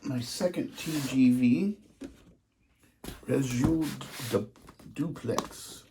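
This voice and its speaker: A man showing off his model trains in a casual vlog, gushing with excitement and dropping into hushed asides. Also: medium pitch, extremely slow, noisy background.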